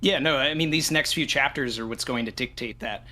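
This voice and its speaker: Man, bright forceful tone, mid pitch, rambling asides, panel talk. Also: brisk. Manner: animated, thinks out loud with many asides. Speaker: podcast panelist. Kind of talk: casual discussion.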